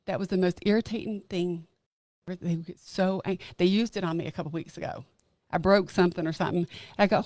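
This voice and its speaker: Earnest middle-aged woman, low dry voice. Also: fairly even intonation, darkish tone, no room sound. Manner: earnest and emphatic, slowing down on key phrases. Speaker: podcast guest. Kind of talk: casual chat.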